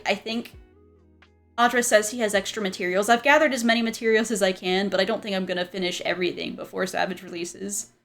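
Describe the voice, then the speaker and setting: A woman's voice: a little high, a bit bright. Giggly rambling young woman streamer. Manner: giggly, rambling, frequent laughter and restarts. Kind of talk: casual chat.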